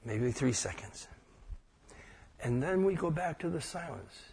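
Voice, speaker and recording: A man's voice: a little high, expressive, unhurried, gravelly, darkish tone, breathy edge. A man preaching an informal sermon as pastor, folksy and joking, acting out short prayers. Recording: echoey hall with long reverb.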